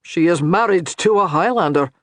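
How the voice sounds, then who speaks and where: A narrator voicing a formidable, blunt Highland chieftain in an audiobook. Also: lively intonation, normal speed, a bit bright, no room sound, studio quality, natural voice. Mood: firm. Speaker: character in an audiobook. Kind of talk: audiobook character reading.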